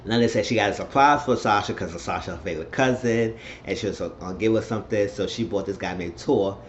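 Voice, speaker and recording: Low-voiced man rambling through a recap. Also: brisk. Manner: rambling, loose retelling with filler phrases. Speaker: TV recap reviewer. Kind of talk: casual episode recap. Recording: dull lo-fi sound with faint noise.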